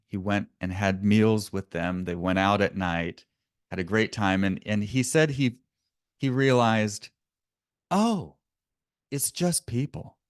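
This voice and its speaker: A man's voice: lowish voice, no room sound, studio quality. A man presenting a business webinar in a conversational way, often correcting himself and chuckling now and then.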